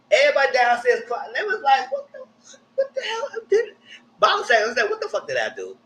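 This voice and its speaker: A young man, hosting a live reality TV recap in casual commentary with animated, exaggerated re-enactments. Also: high voice, brisk, poor audio.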